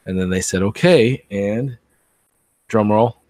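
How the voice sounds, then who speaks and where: A man's voice: fairly low pitch, takes it slowly, a little mellow, dry recording. A man co-hosting a podcast, telling a rambling story in casual chat and quoting people as he goes. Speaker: podcast co-host.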